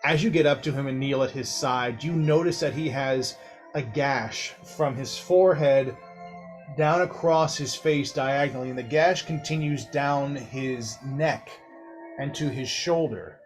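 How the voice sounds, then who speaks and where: A man narrating a tabletop game as game master, in slow, measured, dramatic narration. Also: mid-range voice, faint music behind.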